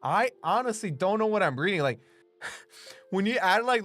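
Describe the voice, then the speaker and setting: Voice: mid-range voice, animated, normal speed, pauses often, a bit bright. A streamer chatting casually with viewers while drawing live, laughing often, swearing freely and leaning on "like" as filler. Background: faint background music.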